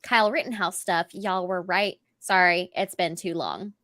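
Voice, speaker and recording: A woman's voice: fairly low pitch, moderate pace, sharp tone, dry recording, studio quality. A woman on a podcast panel, reading chat messages aloud in a matter-of-fact way.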